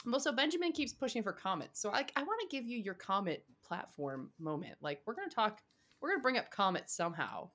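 A woman's voice: mid-range voice, very animated, a little fast, a bit bright. A tired woman hosting a podcast, chatting casually and rambling, laughing often. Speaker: podcast host. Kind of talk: casual chat.

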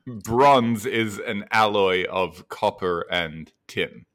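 A man's voice: on the low side, animated, drawn-out words, fairly bright tone. A man co-hosting a podcast, joking and explaining in casual chat. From Australia. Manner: joking, explains with dry wit. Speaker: podcast co-host.

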